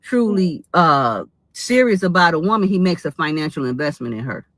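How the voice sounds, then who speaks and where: A woman's voice: deep voice, expressive, moderate pace, fairly bright tone, no room sound. A woman giving opinion commentary in a played clip, lecturing and repeating her points for emphasis.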